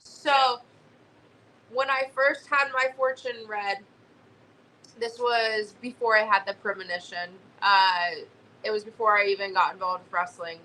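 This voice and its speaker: Young woman, bright tense voice, animated storytelling, faint background hiss. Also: mid-range voice, a little slow, rough recording. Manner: animated storyteller, swears casually. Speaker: guest. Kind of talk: casual storytelling chat.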